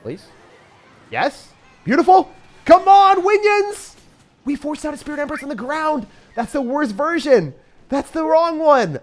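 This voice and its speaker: A man giving casual, excitable live commentary on his own gameplay, using slang and laughing often. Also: on the high side. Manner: excitable, swings from mutters to shouts. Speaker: gaming commentator.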